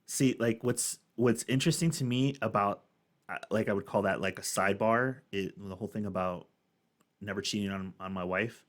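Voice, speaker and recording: A man's voice: fairly low pitch, normal speed. A man hosting a reaction video, musing in a thoughtful, rambling way. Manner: thoughtful, rambling, many restarts. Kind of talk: casual commentary.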